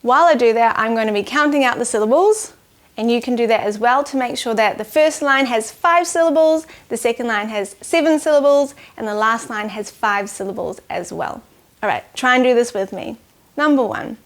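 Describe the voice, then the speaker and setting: Cheerful woman teaching children. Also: fairly high pitch. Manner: cheerful, slow and clear when counting syllables. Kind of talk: children's lesson.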